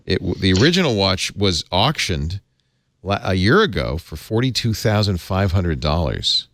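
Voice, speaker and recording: A man's voice: sits low, very animated, moderate pace, gravelly, fairly bright tone, no echo. A man hosting a casual tech chat in a studio, talking with many hesitant fillers. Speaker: host.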